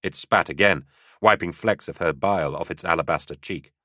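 A man narrating an audiobook in a steady, dramatic storytelling manner. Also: low-pitched, normal speed, dry recording, clean studio sound.

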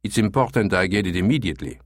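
Guy reading a firm official-sounding guy, deep voice, dry. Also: lively intonation, quick pace, no room sound. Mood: insistent. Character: determined American man, official-sounding.

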